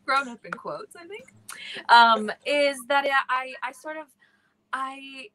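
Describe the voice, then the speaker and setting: Bright, earnest woman in her thirties. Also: sits high, takes it slowly, poor audio. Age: 30s. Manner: warm, earnest, searching for words with many likes. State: emotional, near tears. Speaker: actor in the play. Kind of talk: live virtual panel talk.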